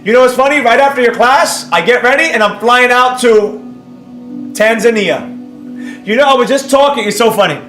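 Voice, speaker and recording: High-voiced, animated male livestreamer. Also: moderate pace. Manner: animated, bursts up loudly when excited; brash, boastful, talks straight to the audience. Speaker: trading educator streaming live. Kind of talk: live-stream chat reading viewer comments. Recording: roomy sound with faint music behind.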